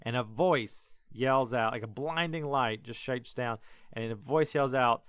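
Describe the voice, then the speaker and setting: A man's voice: medium pitch, unhurried, a bit bright, clear, resonant tone, dry recording. A man hosting a podcast, casually retelling a Bible story in a rambling, joking way full of fillers and restarts. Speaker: podcast host.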